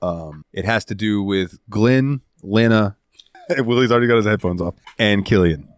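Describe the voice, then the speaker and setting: A man hosting a casual podcast, recounting a game's ending with animated, heartfelt storytelling and some swearing. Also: fairly low pitch, normal speed. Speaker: podcast host. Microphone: studio headset mic.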